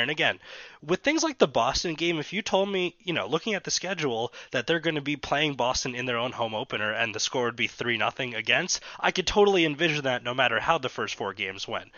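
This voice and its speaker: A man with a bright, forceful, slightly high voice vents frustration in emphatic podcast chat. His voice sounds dry and a bit muffled, with no room echo. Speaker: podcast co-host. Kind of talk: casual sports chat.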